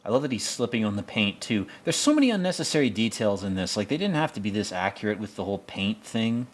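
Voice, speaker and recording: Low-voiced man rambling movie commentary. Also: sing-song, quick pace. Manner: rambling, blunt and profane, with many fillers. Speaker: podcast host.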